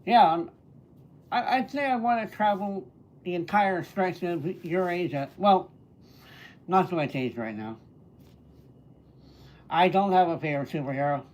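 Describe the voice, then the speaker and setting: A man's voice: on the high side, a little mellow. A man hosting a live stream, casually greeting viewers by name and answering their questions. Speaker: livestreamer and entertainer. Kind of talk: casual livestream chat answering viewer comments.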